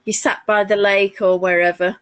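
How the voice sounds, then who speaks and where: A woman's voice: mid-range voice, little pitch movement, moderate pace, clear, resonant tone, dry recording. A woman with a Northern English accent, co-hosting a casual crafting chat and telling family stories. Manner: chatty, warm anecdotes with frequent laughs. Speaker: podcast co-host.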